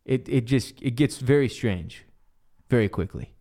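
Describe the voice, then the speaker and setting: Animated man recapping a TV episode. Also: mid-range voice, measured pace. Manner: animated retelling, acts out character quotes, swears casually. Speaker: podcast co-host. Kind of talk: casual TV recap chat.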